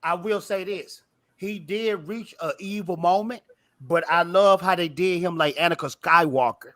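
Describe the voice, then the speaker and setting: A man's voice: high-pitched, moderate pace, a bit bright, no echo. A man co-hosting a podcast, chatting in a laid-back way. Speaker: podcast co-host. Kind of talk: casual chat.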